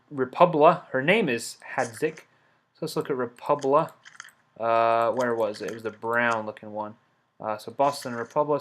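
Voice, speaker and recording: A man's voice: medium pitch, fairly bright tone. A man giving let's play commentary, talking himself through each step and scolding the game's characters in mock outrage. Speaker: game commentator.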